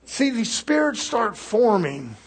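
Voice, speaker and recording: Male preacher, high and husky, emphatic sermon delivery, loud-soft swings, rhetorical questions. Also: very animated, slow pace.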